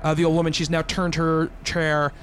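Man running a tabletop game as game master, high voice, playful narration. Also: completely flat delivery, moderate pace, a little hiss or hum. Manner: descriptive, playful, breaks into laughs.

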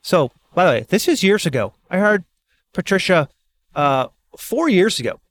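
A middle-aged man, a speaker and author, talking in a casual, animated monologue and acting out quoted reactions. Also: sits high, moderate pace.

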